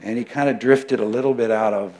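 A man's voice: medium pitch, fairly even intonation, brisk, warm tone. A man preaching a sermon in a conversational way, reading scripture aloud and often repeating words as he searches for the next thought. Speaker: pastor.

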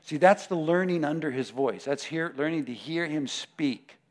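A man preaching a sermon, emphatic, moving between loud declarations and hushed prayer. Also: on the high side, normal speed.

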